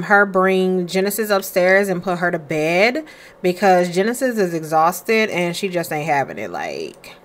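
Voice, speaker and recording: A young woman casually commenting as she plays a life-simulation game, chatting to viewers and voicing her characters in quick quoted asides. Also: on the low side. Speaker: gaming creator playing a life-simulation game. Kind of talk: casual let's-play commentary.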